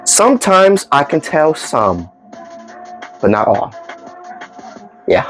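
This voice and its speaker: This storytime vlogger has a mid-range voice and speaks slowly, with long pauses, over soft background music. He casually tells his followers funny stories from his day, rambling in an animated way and acting out the dialogue.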